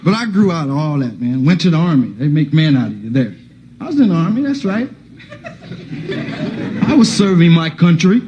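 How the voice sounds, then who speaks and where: A man's voice: on the high side, big pitch swings, moderate pace, pauses often, warm tone, muffled recording. A man in his thirties doing loose, conversational stand-up storytelling, tossing in "man" and "right?". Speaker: comedian. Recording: noisy old TV broadcast.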